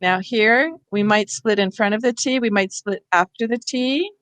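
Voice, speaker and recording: A woman's voice: mid-range voice, moderate pace, a bit bright, no echo. A woman leads teachers through a reading workshop over a video call, explaining patiently step by step.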